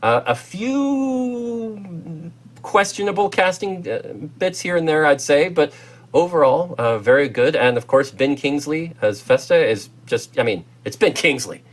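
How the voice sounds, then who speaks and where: A man's voice: a little high, lively intonation, measured pace. Enthusiastic American man, rambling. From United States. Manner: enthusiastic, rambling, many fillers and restarts. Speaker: co-host, film reviewer. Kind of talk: casual film review chat.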